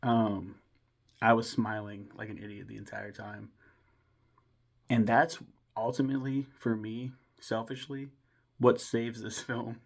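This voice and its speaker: A fairly low-pitched young man talks through a movie review in a loose, rambling way. He gets enthusiastic, trips over his own restarts and swears casually as he goes. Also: little pitch movement, a little slow, vocal fry, long pauses. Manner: rambling and enthusiastic, with mild swearing and self-interruptions. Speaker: film reviewer. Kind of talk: casual film review monologue.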